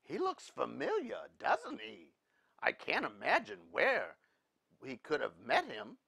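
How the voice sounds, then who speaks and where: A man's voice: fairly high pitch, wildly swooping pitch, slow pace, vocal fry, sharp tone, husky, pitched above the performer's own voice, heavily acted. A man reading a prim, fretful pioneer mother. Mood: hushed. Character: proper worried pioneer mother.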